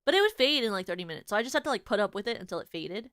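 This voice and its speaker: A young woman chats on her stream in an animated, giggly way, tripping over filler words and restarting her sentences. Her voice is smooth and resonant, with a dry, close sound and no room around it. Her pitch sits right in the middle for a woman. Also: very fast, no room sound. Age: young adult. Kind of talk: casual chat.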